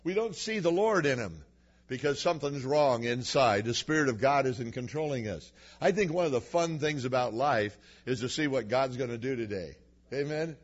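A man's voice: mid-range voice, expressive, moderate pace. A male preacher giving a sermon to a congregation, telling personal stories in a folksy, humorous way. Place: church before a congregation. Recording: dull lo-fi recording.

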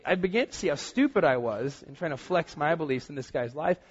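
A man's voice: on the high side, lively intonation, a little fast, husky, dull audio. A man in his thirties preaching a sermon as pastor, telling personal stories and acting out what people said. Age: 30s. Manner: storytelling with acted-out quotes.

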